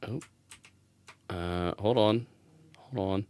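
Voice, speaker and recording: A man's voice: fairly low pitch, takes it slowly, a little mellow, clear, resonant tone, dry recording. A man hosting as game master, flustered and self-deprecating, muttering to himself while fixing his stream setup. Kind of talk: casual stream setup chat.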